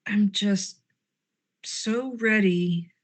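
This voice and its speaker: A woman's voice: medium pitch, very slow. A woman playing a tabletop game, talking in character in a grumbling, sarcastic, rambling way. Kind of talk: in-character role-play chat.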